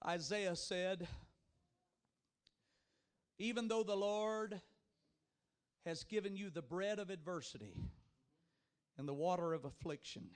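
A man preaching a revival sermon as an evangelist, shifting between fervent shouting and soft, low-voiced passages, with repeated calls to the congregation. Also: takes it slowly, long pauses, clean tone. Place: church youth rally before a congregation.

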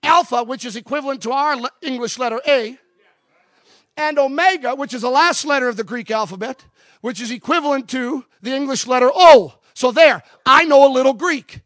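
A male pastor preaching a sermon at a camp meeting, building from quiet teaching to shouted calls. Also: very high voice, fairly quick, no echo.

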